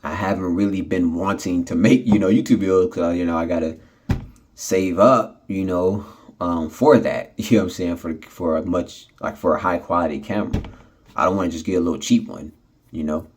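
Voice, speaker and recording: A man with a very low, husky voice vents into his phone from his apartment. He rambles with lots of fillers, laughs a lot and sounds frustrated. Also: brisk, a little mellow. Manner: laughing often, frustrated, many fillers and restarts. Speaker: vlogger. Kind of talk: casual rambling vlog.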